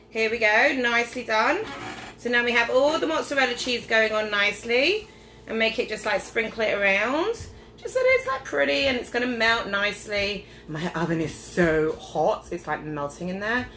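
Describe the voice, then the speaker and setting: A woman's voice: a little high, lively intonation, normal speed, fairly bright tone, slight background noise. Tipsy, chatty woman cooking in an echoey kitchen. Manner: chatty, rambling, loses her train of thought. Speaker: home cooking vlogger. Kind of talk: casual cooking demonstration. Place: home kitchen, indoors. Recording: echoey kitchen with clattering dishes.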